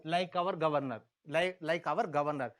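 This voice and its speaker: A man's voice: fairly high pitch, normal speed, fairly bright tone, a little hiss or hum. Man teaching with Indian English, repeating words. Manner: repeats key words, asks the class questions. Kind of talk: exam-prep history lecture.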